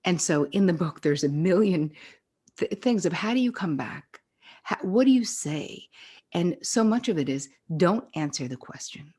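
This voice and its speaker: A woman's voice: on the low side, expressive, moderate pace, warm tone, breathy edge. A middle-aged woman psychotherapist, a podcast guest, talking bluntly and with swearing, acting out the people she quotes. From New York area. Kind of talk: casual podcast conversation.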